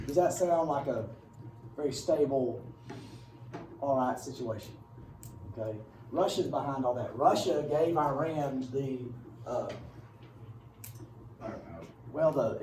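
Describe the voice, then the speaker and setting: A man teaching history to a class, talking loosely and breaking off into wry, joking asides. His voice is a touch higher than most men's, with a mellow, dark tone. It is picked up from across an echoey classroom with a faint hum of room noise. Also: recorded from a distance. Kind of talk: casual classroom lecture. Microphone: far camera.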